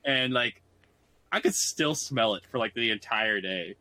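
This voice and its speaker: Bright-voiced man rambling on a podcast. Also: medium pitch, expressive, measured pace, no room sound. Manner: rambling, many "like" fillers, laughs often. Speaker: podcast co-host. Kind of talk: casual chat.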